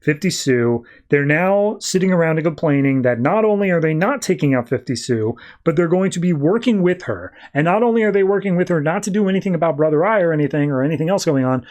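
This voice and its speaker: A man hosts a comics podcast and recaps the plot in a loose, rambling way, slipping into quick voices for the characters. His voice sits a little high for a man. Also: a little mellow. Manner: rambling, slips into quoted voices. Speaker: podcast host.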